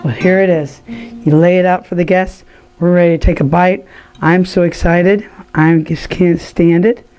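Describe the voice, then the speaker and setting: A woman's voice: lowish voice, fairly even intonation, normal speed, mellow, soft background music. Chatty woman hosting a cooking show. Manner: chatty and enthusiastic, talks to viewers. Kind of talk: casual cooking demonstration.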